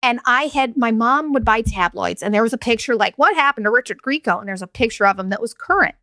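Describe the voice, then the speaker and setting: A woman's voice: fairly high pitch, animated, quick pace, sharp tone, dry recording, studio quality. Profane, rambling woman in her forties. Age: 40s. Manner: profane, rambling, jokey storytelling. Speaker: podcast host. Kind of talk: casual solo podcast chat.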